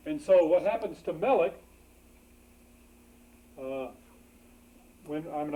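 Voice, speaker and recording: A man's voice: fairly high pitch, darkish tone, rough recording. Patient man lecturing on grammar. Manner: patient, explanatory, many "uh" fillers and restarts. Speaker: biblical Hebrew instructor. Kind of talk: classroom lecture. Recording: faint background noise.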